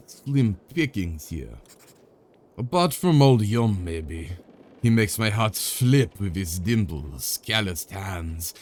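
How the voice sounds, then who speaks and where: A streamer doing a low, wistful villager who longs for love: vague put-on accent, big lilting swings. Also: male voice, a little mellow. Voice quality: vague put-on foreign accent, dreamy lilt.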